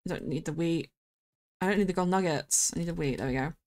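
Speaking in a voice on the low side, a female streamer provides casual gameplay commentary. She's talkative and easily excited, squealing at the animals she runs into.

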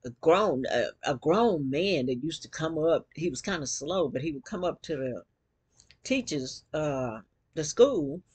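A woman vlogger telling a personal story to camera, animated and acting out quotes. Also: deep voice, breathy edge.

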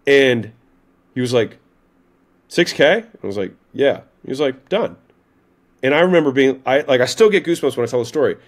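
A male podcast guest tells a story in loose, conversational speech. He is animated, leans on "like" and "right?", and swears now and then. His voice sits at an ordinary, middling pitch. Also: fast talker. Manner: animated retelling, frequent "like" and "right?", occasional swearing. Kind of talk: casual storytelling in an interview.

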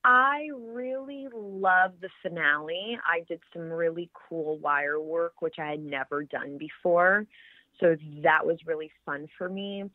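A woman, an actress being interviewed, chatting in a lively way and laughing often. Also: fairly low pitch, unhurried, no echo. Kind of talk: casual interview chat. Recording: tinny phone-like line, dry.

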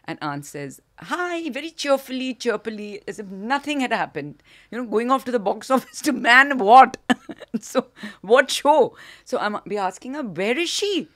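As a guest in an interview, an older woman with an Indian English accent recounts a theatre anecdote, performing the characters' voices with animation and frequent laughter. She speaks at normal speed in a voice on the high side.

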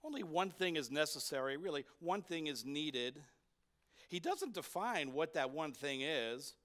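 A man with a notably high voice preaches a sermon in church. He is emphatic, restating his main points and tossing rhetorical questions to his listeners. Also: expressive, unhurried, a bit bright. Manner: emphatic, repeats key points for effect; asks the congregation rhetorical questions. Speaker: pastor.

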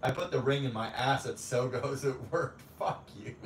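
A man's voice: medium pitch, measured pace, distant mic. Young male streamer, crude and playful, recorded off-mic in an echoey room. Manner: profane, teasing, jokey banter with frequent laughter. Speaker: livestream host. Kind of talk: casual livestream chat reading viewer comments. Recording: roomy echo, off-mic, faint background hum.

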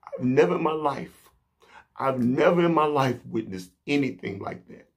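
A man delivering an impassioned, indignant monologue to camera, slow and emphatic with pauses. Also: medium pitch, lively intonation, slightly rough. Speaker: vlogger.

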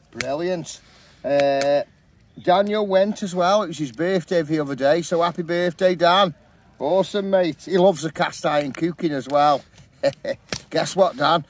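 A middle-aged man chatting in a relaxed, upbeat way as a camping vlogger, talking into a handheld camera outdoors at a campsite. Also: on the high side, unhurried, slight background noise. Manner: chatty, upbeat, says "awesome, mate" often. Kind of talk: casual vlog chat.

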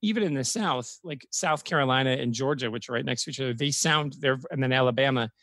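A man's voice: mid-range voice, fast talker, no room sound. Talkative man from Florida, dry sound. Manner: talkative, animated storytelling. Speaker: podcast guest. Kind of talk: casual chat.

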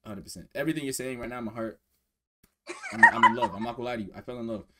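A man hosting a vlog, chatting and teasing strangers on a video chat app in a quick, joking way that sometimes drops to a mumble. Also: mid-range voice, huge pitch swings, very noisy.

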